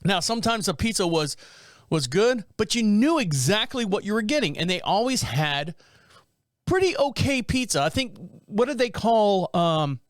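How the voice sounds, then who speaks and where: A man in his thirties chats alone on his podcast, rambling and poking fun at himself. His voice sits a bit high. The recording is close and dry, with no room sound. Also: lively intonation, moderate pace, no room sound. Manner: rambling, jokey, self-mocking asides. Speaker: podcast host. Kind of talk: casual solo podcast chat.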